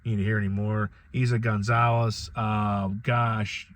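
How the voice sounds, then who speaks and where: A man's voice: fairly low pitch, level tone, a little slow. A middle-aged man hosting a solo podcast, talking in a rambling, conversational way with frequent restarts. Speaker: podcast host. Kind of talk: casual solo commentary.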